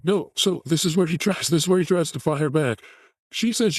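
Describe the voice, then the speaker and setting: A man's voice: on the high side, expressive, a little slow, a little mellow, dry recording, studio quality. A man hosting a show, commenting on a video clip in a mocking, crude rant. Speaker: host reacting to a video clip.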